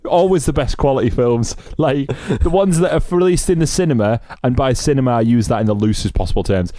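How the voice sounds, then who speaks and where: A man's voice: medium pitch, brisk, dark tone, dry recording, studio quality. A man co-hosting a podcast, chatting casually with jokes and puns. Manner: jokey, punning, teasing. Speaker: podcast co-host. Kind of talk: casual chat.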